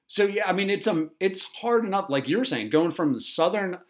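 A man hosting a casual interview, asking curious, animated questions. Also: sits high, fairly quick. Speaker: interviewer host.

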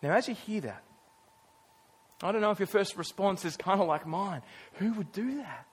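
A male pastor preaching a sermon, earnest and emphatic, with storytelling pauses and casual asides. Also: high voice.

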